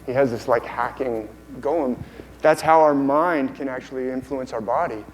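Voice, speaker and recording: A man's voice: medium pitch, a little fast, slight background noise, rough recording. Enthusiastic male conference speaker. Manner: enthusiastic, repeats and restarts phrases. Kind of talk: conference lecture. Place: conference hall.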